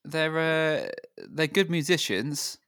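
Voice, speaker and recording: A man co-hosting a casual music podcast, speaking in a thoughtful, measured way with some hedging fillers. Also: on the high side, lively intonation, fairly bright tone, smooth, no echo, clean studio sound. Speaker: podcast co-host.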